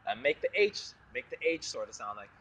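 A man's voice: medium pitch, sing-song, fairly quick, pushed and bright, far from the mic, a little hiss or hum. A young man giving a casual, profane lesson on screaming technique, breaking into demonstration screams. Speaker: vocal coach.

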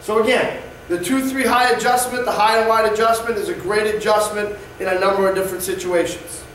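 A man's voice: sits high, steady tone, fairly quick, fairly bright tone, slight background noise. A male basketball coach explaining offense plays in an instructional presentation, often checking in with "all right?". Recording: echoey distant room mic.

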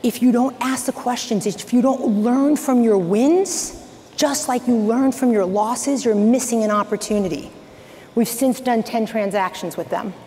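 A woman giving an energetic, direct coaching talk to a live audience from a stage, telling anecdotes. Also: a little high, measured pace. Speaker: real estate coach speaker. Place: large hall on stage. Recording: echoey hall, faint background noise.

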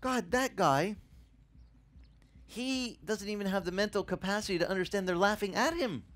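A middle-aged male pastor giving a sermon, telling stories in an animated way and acting out the dialogue. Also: sits high, moderate pace. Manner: animated storytelling that acts out dialogue.

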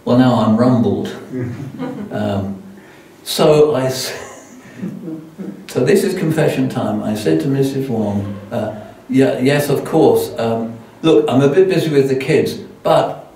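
A guest preacher, an older man, speaks slowly in a warm, mid-pitched voice, telling a self-deprecating story with many restarts during his anecdotal sermon. The recording, made far off in an echoey church hall, carries some hiss or hum.

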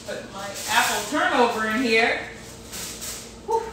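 A bright, lively woman chats with her live-stream viewers from her kitchen, laughing often between sentences. Her high voice swings up and down as she talks. The room gives her voice an echo. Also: measured pace, background noise. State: sore neck. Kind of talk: casual live stream chat. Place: home kitchen. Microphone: phone.

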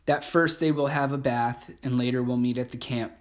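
A man's voice: mid-range voice, fairly even intonation, normal speed, lightly acted. A man voicing a hardened male camp prisoner who talks bluntly and matter-of-factly, in an audiobook reading.

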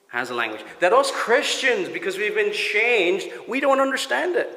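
Earnest Cork-accented pastor preaching. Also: male voice, on the high side, echoey room, long reverb tail. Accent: Cork Irish. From Cork, Ireland. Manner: earnest, dropping to soft near-whispers on key words. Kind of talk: sermon. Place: church sanctuary.

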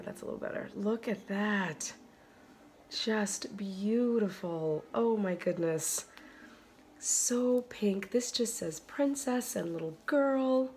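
A woman vlogging casually to her phone by a bright window at home, chatting and gushing over yarn with breathy exclamations. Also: mid-range voice, a little hiss or hum. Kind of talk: casual chat to camera. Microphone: phone camera.

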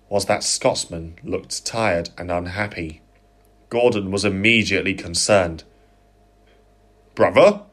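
A man narrating a storybook audio reading in a slow, measured way. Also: on the low side, a bit bright. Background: music.

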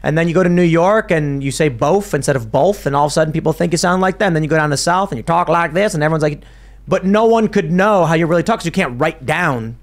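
A man hosting a casual political talk show, with a fairly high voice. He rambles with restarts and slips into mimicry now and then. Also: fast talker, hardly any pauses. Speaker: podcast host.

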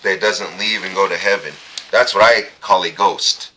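A middle-aged man exploring an old abandoned trailer on a casual ghost-hunting vlog, talking in a halting, folksy way and repeating his words. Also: sits low, fairly even intonation, bright, forceful tone, a little hiss or hum. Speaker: paranormal vlogger.

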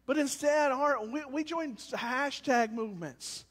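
A man preaches with a very high, ringing voice. He jumps from loud calls to hushed, low lines. The sound carries a long reverb. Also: unhurried. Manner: animated, swings between shouting and quiet. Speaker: pastor. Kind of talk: sermon. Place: church service, with cars passing by.

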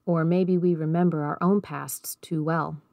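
A woman reading aloud as a gruff, stern older man who asks blunt, curt questions, in a storybook. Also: low-pitched, steady tone, measured pace, mellow, no echo, studio quality.

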